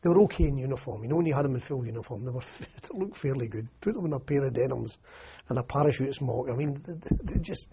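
A man's voice: mid-range voice, expressive, fast, hardly any pauses, warm tone, a little hiss or hum. An older Scottish man, an army veteran, recalling his service in a rambling, anecdotal oral history interview full of "you know" and restarts. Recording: muffled lo-fi recording.

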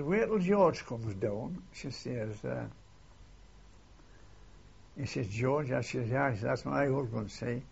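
Gravelly old man telling war stories. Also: medium pitch, lo-fi sound. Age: older. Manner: rambling, keeps adding "see?" and "eh?". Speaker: interviewee recalling war memories. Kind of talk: oral history storytelling.

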